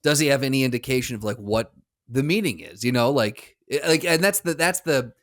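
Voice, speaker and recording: A man's voice: medium pitch, animated, brisk, fairly bright tone. A man co-hosting a podcast, chatting casually and asking follow-up questions, often restarting his sentences. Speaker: podcast co-host. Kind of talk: casual chat.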